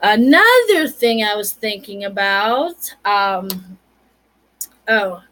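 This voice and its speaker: A woman in her forties hosting a casual comedic vlog, telling stories in a chatty, animated way with playful asides. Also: medium pitch, slow pace, poor audio. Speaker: vlog host.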